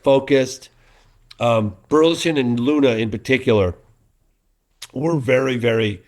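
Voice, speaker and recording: A middle-aged man, a documentary filmmaker, talking casually in an interview and telling stories with lots of restarts. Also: mid-range voice. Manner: animated storyteller, many restarts, acts out quotes.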